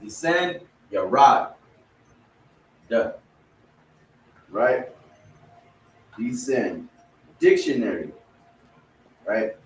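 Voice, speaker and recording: A man with a Spanish accent teaching an online vocabulary class in a casual way, often saying "right?" as he goes. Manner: casual, repeats "right?" and "boom". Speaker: language teacher. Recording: roomy, distant mic, faint background noise.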